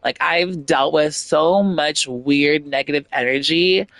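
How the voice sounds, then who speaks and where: A woman's voice: sits low, takes it slowly, a bit bright, no echo. Blunt, outspoken woman streamer. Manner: blunt, outspoken, swears freely, rambles with many fillers. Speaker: gaming streamer. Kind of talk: casual stream chat.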